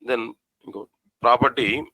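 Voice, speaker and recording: Man teaching code, slow and repetitive. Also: medium pitch, fairly even intonation, pushed and bright, husky, no room sound, poor audio. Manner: repetitive, asks the class questions, spells out code slowly. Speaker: programming teacher. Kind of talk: live coding lesson.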